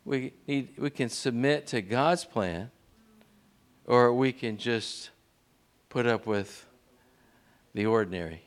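A man preaching a sermon in a church, leading the congregation in call-and-response and pushing his pitch up sharply on key words. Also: slow pace, pauses often. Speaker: pastor.

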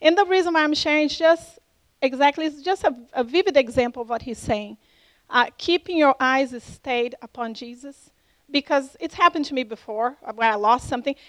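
High-voiced woman with a foreign accent. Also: brisk, no echo, poor audio. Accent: non-native English accent. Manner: animated, acts out dialogue with lively pitch jumps. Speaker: church member giving a testimony. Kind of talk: storytelling testimony.

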